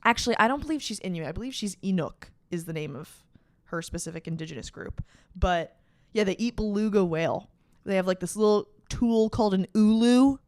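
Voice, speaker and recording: A woman's voice: mid-range voice, lively intonation, fairly quick, no echo. A young adult woman hosting a podcast, retelling a story in casual, profane, slang-filled chat with dramatic emphasis. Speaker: podcast host.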